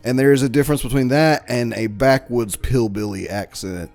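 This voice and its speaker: A man with a slight Southern American accent, co-hosting a casual chat in a dry, deliberate way. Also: medium pitch, a little mellow, soft background music. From Bristol, Virginia, USA. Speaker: co-host reacting to videos.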